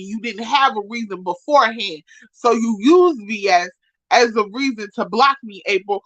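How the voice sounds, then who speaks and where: A woman's voice: fairly high pitch, dry recording, rough recording. Cussing woman on a heated live-stream rant. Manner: profane, insulting, repetitive, swings from shouting to muttering.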